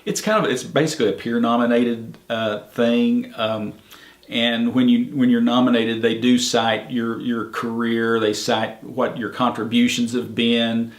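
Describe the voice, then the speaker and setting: A man's voice: mid-range voice, flat delivery, measured pace. A middle-aged man, a park ranger, telling stories in an easygoing, plainspoken way in an oral history interview, with many fillers. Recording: echoey room.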